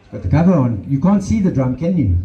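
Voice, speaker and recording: A man's voice: medium pitch, sing-song, quick pace, roomy sound, highs cut off. A man with a South African accent giving an earnest motivational talk through a handheld microphone, slipping in Afrikaans phrases. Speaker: motivational speaker. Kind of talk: motivational talk at an outdoor event.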